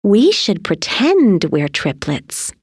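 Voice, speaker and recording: A woman voicing an odd, cruel little girl with a bright, scheming way of speaking. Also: mid-range voice, wildly swooping pitch, takes it slowly, husky, no echo, studio quality, pitched above the performer's own voice, heavily acted. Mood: wistful.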